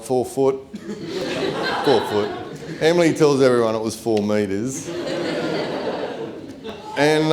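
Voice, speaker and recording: A man's voice: lowish voice, a little mellow. A middle-aged Australian man, the groom's father, giving a chatty, self-deprecating wedding speech at a reception.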